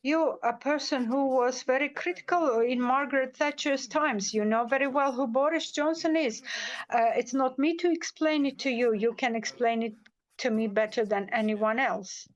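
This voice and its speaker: A woman's voice: high-pitched, normal speed, muffled recording. A woman speaking as a symposium panelist, giving impassioned, firm remarks with frequent hesitations and repeated words.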